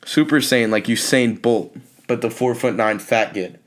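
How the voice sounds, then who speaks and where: A young man hosting a podcast, telling a comic story in an animated, exasperated rant with sudden high-pitched outbursts. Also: moderate pace. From California. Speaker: podcast host. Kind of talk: comedic storytelling monologue.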